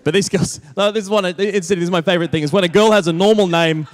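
A man's voice: sits high, steady tone, quick pace. A young man doing a stand-up comedy routine, wry and mocking, slipping into impressions and laughing at his own jokes. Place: comedy stage before a live audience.

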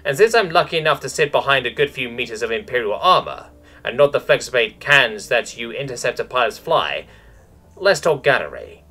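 A man's voice: medium pitch, big pitch swings, fairly quick, sharp tone. A man voicing a brash, snooty female starship captain who lectures cadets in a mock-aristocratic bark.

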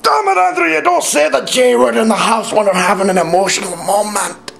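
A man's voice: mid-range voice, normal speed, faint music behind, close to an everyday voice. A man playing a crude, hot-tempered fat father in an amateur comedy sketch, swinging between bellowing outbursts and mock-tender talk. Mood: furious yelling.

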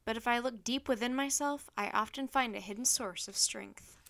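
Woman reading as a calm, wise old emperor. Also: on the high side, moderate pace, vocal fry. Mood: stately. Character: wise calm Roman emperor, older man.

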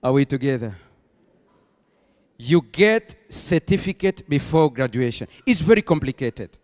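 A man preaching a sermon as pastor, rising into emphatic bursts and slowing to stress key phrases. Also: medium pitch, expressive, a little mellow. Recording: long hall reverb.

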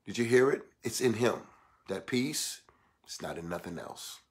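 A man preaching a sermon, swinging between emphatic shouts and hushed, low passages, calling out to his listeners. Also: lively intonation, moderate pace. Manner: calls out exclamations and asks the listeners for response.

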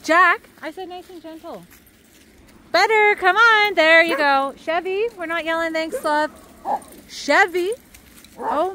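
A woman's voice: bright, forceful tone, a little hiss or hum. A woman walking a large pack of dogs outdoors, chatting casually to the camera and calling out to the dogs in a sing-song voice. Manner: switches to high sing-song praise when calling the dogs. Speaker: dog walker. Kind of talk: casual vlog narration while walking dogs. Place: outdoors on a trail near a river.

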